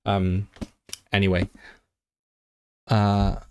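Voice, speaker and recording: A language streamer with a lowish, slightly mellow voice speaks very slowly and in a monotone, with a clear, resonant tone. Hosting a casual livestream on language learning, he often rambles and restarts, reads chat messages from viewers aloud, and talks keenly about languages.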